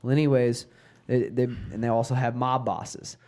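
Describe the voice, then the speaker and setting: A man's voice: mid-range voice, level tone, normal speed, darkish tone. Laughing, swearing podcast guy. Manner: profane, jokey, laughs often. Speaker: podcast co-host. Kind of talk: casual chat.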